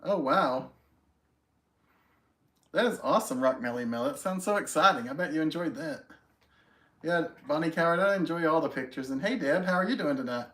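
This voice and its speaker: A man's voice: on the high side, expressive, normal speed, long pauses, a bit bright. A man hosting a casual live stream at home, greeting viewers by name and chatting in a friendly, self-deprecating way. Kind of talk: casual chat reading viewer comments.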